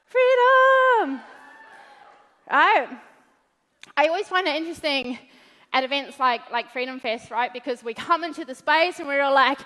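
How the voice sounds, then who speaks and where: A woman with a New Zealand accent gives a motivational talk at an event in a high-pitched, bright, forceful voice at a brisk pace. She's blunt, profane and playful, and long hall reverb colors the recording.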